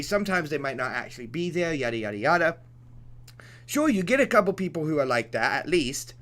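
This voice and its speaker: A young man on his game stream breaks into a heated, profanity-laced rant, tripping over his own phrasing and laughing it off. His voice sits a little high and leaps around in pitch as he gets worked up. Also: a bit bright. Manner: impassioned, profane, rambling with restarts and laughs. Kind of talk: off-topic rant during a let's play.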